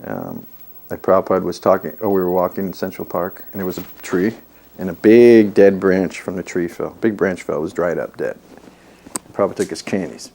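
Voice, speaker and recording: Low-voiced guy, kinda gravelly, chatty storyteller who laughs a lot. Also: animated, brisk, a little mellow. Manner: chatty, laughs while telling stories. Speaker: devotee recalling memories. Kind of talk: casual anecdote.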